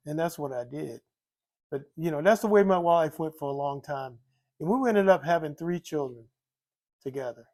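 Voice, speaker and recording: An older man telling the story of his recovery from alcohol in a rambling, candid way, repeating himself and filling pauses with "you know". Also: on the high side, vocal fry, darkish tone. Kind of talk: candid personal testimony.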